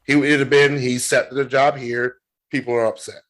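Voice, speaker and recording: A man co-hosting a sports podcast, talking casually as an animated, emphatic storyteller. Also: mid-range voice, normal speed. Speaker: podcast co-host.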